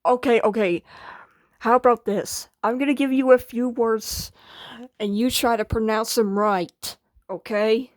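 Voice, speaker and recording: A woman's voice: on the high side, steady tone, a little slow, no room sound, clean studio sound. A woman hosting a casual comedy skit, patiently correcting and teasing. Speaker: video host and skit performer.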